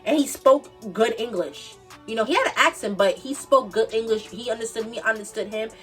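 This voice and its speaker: A woman in her twenties from the Bronx, New York, with a New York accent, telling a storytime tale in an animated, emphatic way and repeating her points. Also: a little high, fairly quick, recorded from a distance, soft background music. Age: 20s. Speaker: vlogger. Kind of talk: casual storytime monologue.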